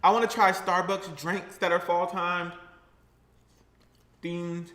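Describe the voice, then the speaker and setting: Speaking to his viewers in an eating vlog, a man with a high, bright voice chats casually with a sassy, playful attitude. His pace is slow, his pitch barely moves, and the room sounds echoey.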